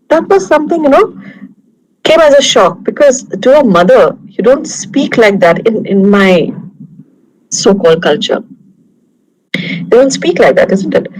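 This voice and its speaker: A woman's voice: mid-range voice, a little mellow, poor audio. Indian woman lecturing over a video call. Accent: Indian English. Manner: conversational, anecdotal, talks through examples. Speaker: guest lecturer. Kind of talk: online lecture.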